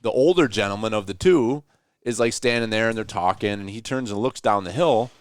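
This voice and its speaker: A man spins a hunting yarn at camp, his low voice jumping up whenever he acts out what someone said. The sound is dry and close, with no room around it. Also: fairly quick, no echo. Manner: animated storyteller, acts out quotes with rising voice. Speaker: hunting podcast host. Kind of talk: casual storytelling around deer camp. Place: hunting cabin.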